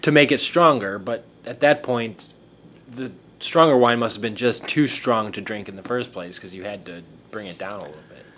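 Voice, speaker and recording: A man's voice: fairly low pitch, moderate pace, a bit bright. A man taking part as a co-host in a casual group discussion, with wry, conversational remarks.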